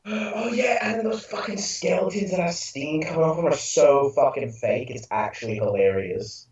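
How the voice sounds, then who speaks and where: A young man rants about television, exasperated and full of swearing. His slightly high voice sounds distant in a very echoey room. The recording is dull and muffled. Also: moderate pace, a little mellow. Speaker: podcast co-host. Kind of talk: casual ranting review.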